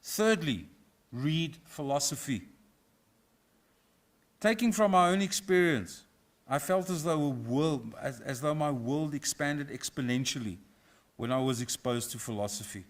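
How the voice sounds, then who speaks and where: A middle-aged professor from South Africa, giving a formal inaugural lecture in a measured, reflective way with a touch of humour. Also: male voice, fairly high pitch, expressive. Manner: measured, reflective, lightly humorous. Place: university auditorium.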